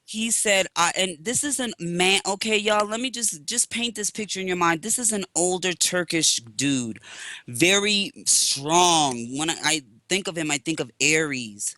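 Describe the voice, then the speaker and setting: A man co-hosting a spiritual talk show, telling a story in an expressive, preacher-like way and speaking to listeners as family. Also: on the high side, takes it slowly, no echo. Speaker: co-host, spiritual practitioner.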